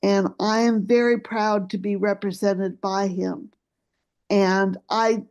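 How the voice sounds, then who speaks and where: A woman losing her voice, giving an earnest, halting public comment by remote call at a council meeting. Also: mid-range voice, steady tone, darkish tone.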